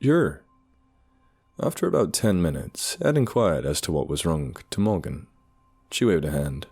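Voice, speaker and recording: A man with a very deep, husky voice telling a horror story, his intonation rising and falling freely. Faint dark music sits under his words. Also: very animated, moderate pace. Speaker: narrator.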